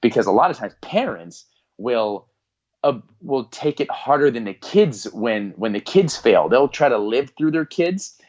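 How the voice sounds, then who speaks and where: An earnest middle-aged man speaks as a podcast guest, telling a story with feeling and slipping into the voices of the people in it. His voice sits at a middle pitch. The audio is slightly muffled and lo-fi. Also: measured pace. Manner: earnest, animated storyteller who acts out quoted voices. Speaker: podcast guest, performance psychologist.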